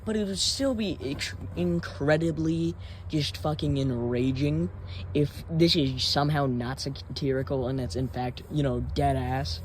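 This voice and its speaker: A man's voice: fairly high pitch, steady tone, a little slow, a little hiss or hum. Guy ranting on his commentary channel, fed up and cursing, keeps rambling on. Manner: exasperated, profane, rambling with fillers.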